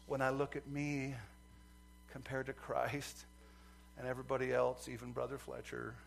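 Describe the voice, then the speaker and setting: A male preacher delivering a sermon, swinging from loud fervent outbursts to quiet earnest asides. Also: medium pitch, completely flat delivery, moderate pace, creaky, soft background music.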